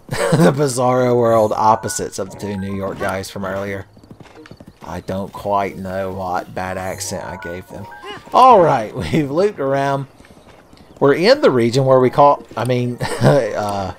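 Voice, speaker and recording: A man hosting a game playthrough in casual commentary, joking profanely and laughing often, close to a home mic. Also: medium pitch. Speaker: let's play host.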